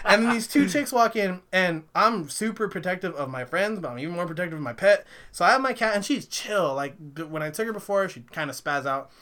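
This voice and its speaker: A young man on a casual podcast, rambling through profane, animated stories. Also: sits high, quick pace, hardly any pauses. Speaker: podcast co-host. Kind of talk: casual chat.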